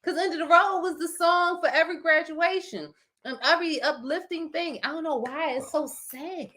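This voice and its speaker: A woman with a Philadelphia accent co-hosting a live chat show, talking in an animated, emotional way and breaking into song now and then. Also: very high voice, normal speed. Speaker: podcast co-host.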